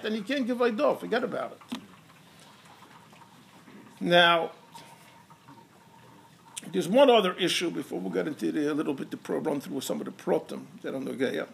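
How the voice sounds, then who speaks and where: A man with a high, gravelly voice teaches a Torah class, sliding Hebrew and Yiddish terms into his English. He lifts his voice for emphasis and acts out little stories with quoted dialogue. A faint hum of room ambience sits behind him. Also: normal speed, long pauses, fairly bright tone. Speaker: rabbi teaching halacha. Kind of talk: Torah lecture.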